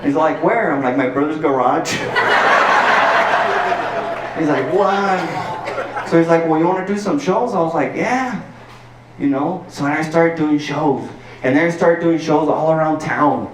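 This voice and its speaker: A man from El Paso, Texas, telling stand-up stories in an animated, profane way, full of "like" and "dude". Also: on the high side, unhurried, pauses often, crowd noise, noisy background. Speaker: stand-up comedian. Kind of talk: stand-up storytelling. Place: packed garage show. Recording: roomy sound from a distant mic.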